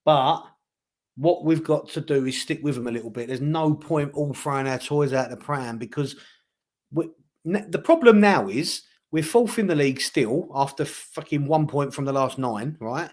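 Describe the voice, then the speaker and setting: A man calmly talking football on a podcast, reasoning things through. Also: a little high. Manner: measured, reasoning, asks for agreement. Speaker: podcast co-host. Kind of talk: casual football chat.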